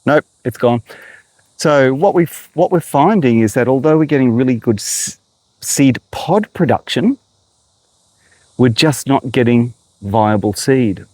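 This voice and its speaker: The man's voice is mid-range and darkish, heard on poor audio with no echo. He's an Australian horticulturist vlogging a walking garden tour outdoors, chatting directly to viewers and a little out of breath.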